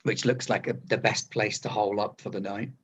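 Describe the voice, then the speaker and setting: A man with a slightly husky voice serving as game master. He explains rules and describes scenes plainly and calmly. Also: lowish voice, brisk. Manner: matter-of-fact, explaining rules. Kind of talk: running a tabletop game.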